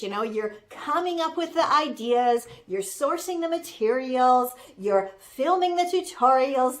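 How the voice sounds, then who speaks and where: A woman's voice: high voice, fairly bright tone. Woman putting on a sassy Gen Z girl. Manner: filler-heavy, exasperated ranting. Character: sassy young Gen Z woman social media manager. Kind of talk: comic character rant.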